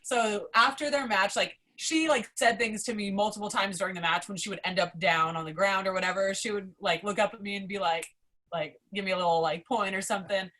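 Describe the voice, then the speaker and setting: A young adult woman, a podcast guest, telling a story in a casual, excitable way, swearing often and filling her talk with "like". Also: medium pitch, a little fast. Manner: excitable, profane, heavy use of "like".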